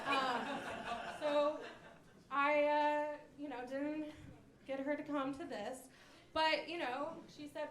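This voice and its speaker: A woman's voice: high voice, moderate pace, fairly bright tone. A young woman performing a stand-up comedy set, telling self-deprecating stories with many fillers. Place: comedy club stage. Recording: roomy club sound with audience laughter.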